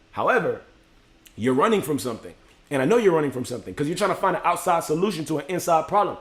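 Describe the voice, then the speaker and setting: A man's voice: fairly high pitch, quick pace. A man talking casually on a livestream, giving a motivational monologue and acting out the voices. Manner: animated, acts out inner voices with slang. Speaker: livestream host. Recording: echoey room.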